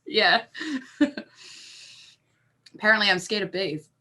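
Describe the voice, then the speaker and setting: Bright-voiced woman playing a tabletop game. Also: medium pitch, drawn-out words. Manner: chatty, hedging with fillers. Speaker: player. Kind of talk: casual tabletop game play.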